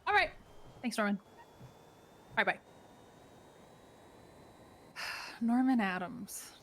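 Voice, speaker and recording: A woman chatting in character during a role-play game, telling animated stories. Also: fairly high pitch, takes it slowly, a little hiss or hum.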